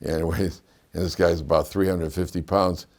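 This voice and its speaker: A middle-aged rabbi giving a lively classroom lecture, telling stories and quizzing his students. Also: normal speed. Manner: animated storyteller, swings between loud emphatic peaks and low asides, quizzes students.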